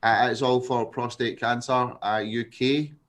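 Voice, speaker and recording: A man's voice: medium pitch, steady tone, unhurried, a bit bright. A young man co-hosting a charity livestream, chatting casually and asking viewers to donate. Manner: laid-back, asks viewers to donate. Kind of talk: casual chat.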